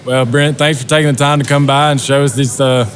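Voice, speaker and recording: A man's voice: mid-range voice, steady tone, brisk, slight background noise. A man hosting a casual podcast interview, asking easy questions and wrapping up in a laid-back way. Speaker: podcast host.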